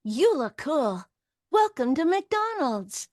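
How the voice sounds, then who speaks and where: A woman voicing Barbie as a sweet, soft, friendly young doll. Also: sits high, sing-song, slow, no echo, clean studio sound, voice pushed up, exaggerated voice. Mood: sweet, bubbly.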